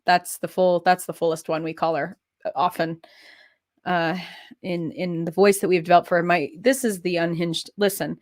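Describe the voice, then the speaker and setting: A woman's voice: fairly low pitch, steady tone, normal speed. A young woman chatting casually and playfully, rambling while she works on a craft. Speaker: host.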